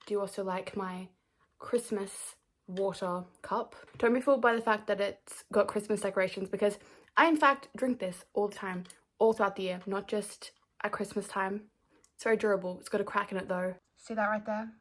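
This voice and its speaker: A young woman talks through her night routine at home, chatty and playful. She pokes fun at herself, and her pitch sits in an ordinary middle range. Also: fairly even intonation, brisk, fairly bright tone. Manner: chatty, playful, self-mocking. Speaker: vlogger. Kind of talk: casual vlog narration. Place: bedroom at home.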